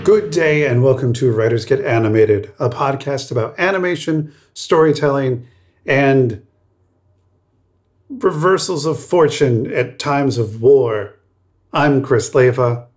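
Slow-talking male podcast co-host. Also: mid-range voice, darkish tone, faint music behind. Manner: chatty, laughs often, rambling with fillers. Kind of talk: casual podcast chat.

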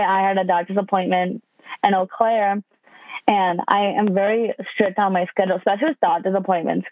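A young woman, a podcast guest, telling her story in casual chat, laughing often and acting out what people said. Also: dry recording. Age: young adult. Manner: chatty, quotes herself in higher voice, laughs often. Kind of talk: casual interview. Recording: tinny phone line.

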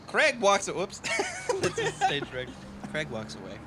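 A man's voice: sits high, huge pitch swings, a little slow, sharp tone, slight background noise. A man co-hosting a comedy podcast, narrating an improv scene with a joking manner. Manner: joking, laughing. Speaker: podcast co-host. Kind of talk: casual chat and scene narration.

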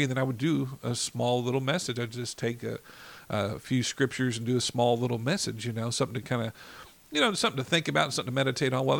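A man's voice: medium pitch, creaky, fairly bright tone. A man ministering in an informal devotional talk, enthusiastic and fired up, often saying "you know.".

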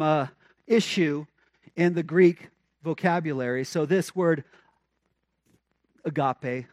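A man delivering a sermon in a conversational yet emphatic way, with questions thrown at the congregation and phrases repeated for weight. His voice sits high for a man. The sound is close and dry, with no room echo. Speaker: pastor.

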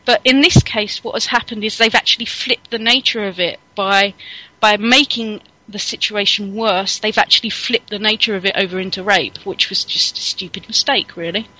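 A woman's voice: mid-range voice, steady tone, moderate pace, sharp tone, poor audio. A woman co-hosting a casual podcast discussion, sardonic in tone. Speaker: podcast co-host.

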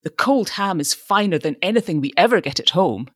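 A woman's voice: lowish voice, lively intonation, brisk, no room sound, studio quality. A woman reading aloud, voicing a fussy, absent-minded elderly father who talks in a querulous, fretful way.

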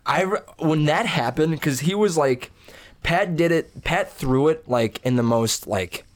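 A man's voice: fairly high pitch, measured pace. A young man co-hosting a podcast, chatting casually and often breaking into laughter. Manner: excitable, laughing a lot. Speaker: podcast co-host. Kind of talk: casual chat.

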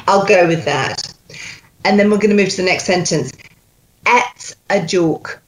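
A woman's voice: on the low side, fairly quick, a little hiss or hum. A woman working as a dialect coach over a video call. She patiently drills lines sound by sound. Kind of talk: accent coaching session.

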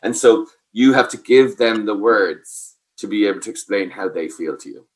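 Guy, lowish voice, explains parenting stuff patiently, keeps asking if it makes sense. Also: normal speed. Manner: explains patiently, asks "does that make sense?". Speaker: parenting expert. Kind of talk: advice talk.

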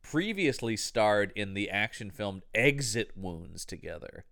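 Male podcast co-host, casual chat; blunt, cusses, exclaims; animated pitch. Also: a little slow, gravelly. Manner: blunt, swears freely, exclaims.

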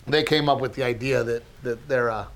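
A middle-aged man co-hosting a podcast, telling funny stories in a casual, animated way and acting out other people's lines. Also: medium pitch, fairly quick. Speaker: podcast co-host. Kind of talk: casual storytelling chat.

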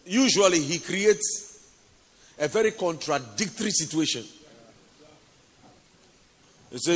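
A man's voice: a little high, slow, pauses often. A male preacher giving a sermon with a personal testimony, speaking intimately to listeners as honey and sweetheart. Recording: reverberant hall.

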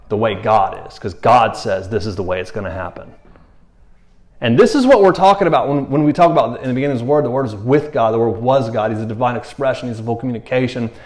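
A man gives a relaxed, talky sermon, retelling a story with slangy asides and rhetorical questions. He jumps into quick voices for the people in it, then drops back to his easy chatting tone. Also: medium pitch. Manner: lively storytelling, acting out characters with voices. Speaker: preacher. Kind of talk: casual conversational sermon.

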